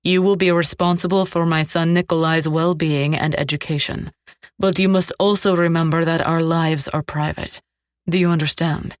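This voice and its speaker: A woman voicing a cold, commanding male crime boss who speaks calmly and with clipped threat. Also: deep voice, normal speed, no echo, clean studio sound, close to an everyday voice.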